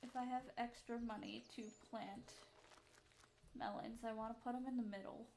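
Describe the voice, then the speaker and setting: A woman's voice: a little high, fairly even intonation, normal speed, vocal fry, a little mellow, slight background noise. A woman streamer chatting casually and rambling to herself while playing a game at home. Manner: rambling, chatty, self-talk between game actions. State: out of breath.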